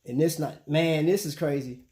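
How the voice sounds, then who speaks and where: Speaking at normal speed, a man with a warm voice on the high side hosts a casual live stream. He talks loosely with his viewers in relaxed slang, with "man" and "bro" in most lines.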